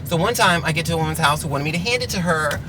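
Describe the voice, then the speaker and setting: A man's voice: a little high, lively intonation, very fast, noisy background. A delivery driver venting through a ranting storytime vlog from his car, sarcastic and exasperated.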